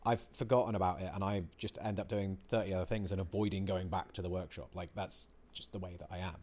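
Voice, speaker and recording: A man with a lowish voice, chatting casually on a podcast. He talks in an animated way, swears freely and acts out the things he shouts at himself. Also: quick pace, hardly any pauses. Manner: animated, swears freely, acts out his own quoted outbursts. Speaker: podcast co-host. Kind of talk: casual chat.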